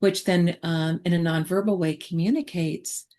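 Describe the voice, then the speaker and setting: Low-voiced woman therapist teaching casually. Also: fairly even intonation, normal speed. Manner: warm, reflective, with frequent fillers and restarts. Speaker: therapist presenter. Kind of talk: conversational online teaching.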